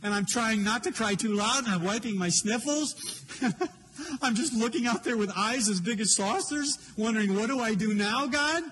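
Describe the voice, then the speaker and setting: An older male pastor preaches in a high voice, earnest and openly emotional as he tells his story. Faint noise hangs behind him. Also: moderate pace, a bit bright. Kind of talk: sermon.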